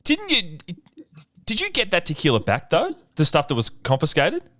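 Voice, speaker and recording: A male podcast host in casual conversation, asking relaxed prompting questions. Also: on the high side, moderate pace, no room sound, studio quality. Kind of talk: casual interview chat.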